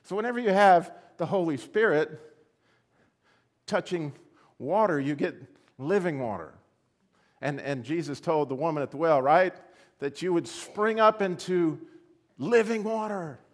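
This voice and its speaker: A man preaching with a slightly high voice and lots of swing in his pitch. He fires rhetorical questions at the congregation and builds toward excited exclamations. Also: unhurried, long pauses. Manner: animated, rising to excited exclamations; asks the audience rhetorical questions. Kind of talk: sermon.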